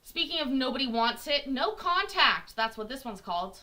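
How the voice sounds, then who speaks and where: A woman's voice: fairly high pitch, lively intonation, a little fast, a bit bright. A young woman, born in Scotland, chatting casually as a host and poking fun at herself with a giggle. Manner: chatty, self-mocking, giggly. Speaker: host reacting to court videos. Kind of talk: casual chat.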